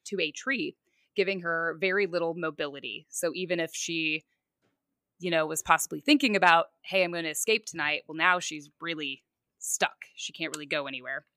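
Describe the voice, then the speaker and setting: A woman's voice: deep voice, moderate pace, sharp tone, dry recording, studio quality. A woman co-hosting a podcast, telling a true crime story in a conversational way with casual fillers. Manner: conversational, fillers like "you know" and "like".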